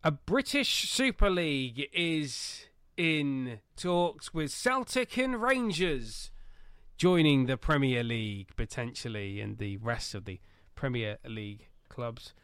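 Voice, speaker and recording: A man holds forth on football in a casual podcast chat, his voice swinging from low mutters to loud, high bursts as he gets carried away. He swears freely and laughs at his own jokes. The sound is dry and close to the mic. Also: animated, slow pace, clean tone, no room sound. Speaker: podcast co-host.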